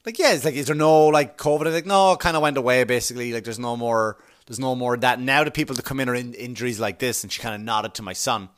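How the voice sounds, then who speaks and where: A man hosting a podcast, telling a rambling, profane story in a sarcastic way, with loud bursts of exasperation. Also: mid-range voice, steady tone, fast, few pauses. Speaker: podcast host. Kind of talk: casual comedic storytelling.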